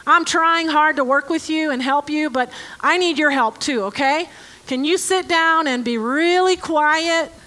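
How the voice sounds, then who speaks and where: A woman with a very high, bright, ringing voice delivers a sermon to a church congregation. She reads scripture at a slow, measured pace and then drops into wry, sarcastic commentary. She talks to the crowd directly and casually. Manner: joking, sarcastic asides to the congregation; slow, deliberate scripture reading. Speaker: preacher. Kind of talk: conversational sermon with Bible reading.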